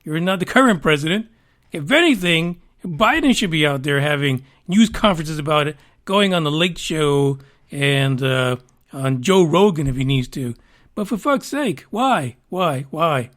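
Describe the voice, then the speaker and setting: High-voiced man giving profane sarcastic commentary. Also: animated, normal speed, a bit bright. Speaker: podcast host. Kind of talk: casual news commentary.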